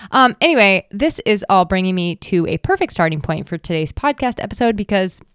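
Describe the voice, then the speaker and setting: A woman's voice: mid-range voice, expressive, a little fast, fairly bright tone, clear, resonant tone, no echo. A woman hosting a podcast in a casual, chatty monologue, playful and self-deprecating, speaking into a close mic. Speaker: podcast host.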